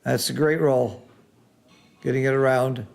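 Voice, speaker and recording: A man commenting live on a board game match, reacting loudly to big swings and then explaining the strategy patiently like a teacher. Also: medium pitch, measured pace, creaky. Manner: excitable, exclaims loudly at big rolls, then explains calmly.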